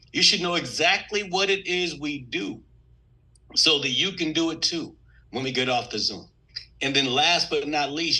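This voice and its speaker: Bright, energetic man pitching. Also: rough recording. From Texas. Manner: energetic, repetitive, emphatic. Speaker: business presenter on a video call. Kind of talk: enthusiastic sales pitch. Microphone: video call.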